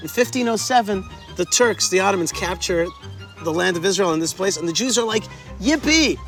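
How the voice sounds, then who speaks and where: A man guiding a tour outdoors at a historic site, teaching history in an animated way and quizzing his listeners. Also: high-pitched, brisk, faint music behind. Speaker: tour guide. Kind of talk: history lesson told on a tour.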